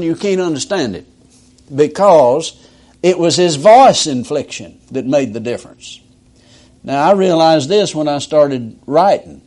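A man's voice: high voice, darkish tone. A male preacher giving a sermon, reading scripture aloud and stopping to explain it with emphatic inflection.

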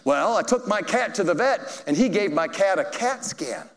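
A preacher putting on a shrill fretful churchwoman. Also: sing-song, moderate pace, a little hiss or hum. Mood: excited. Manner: shrill, pleading, overwrought. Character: fretful middle-aged churchwoman grieving her cat. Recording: echoey hall.

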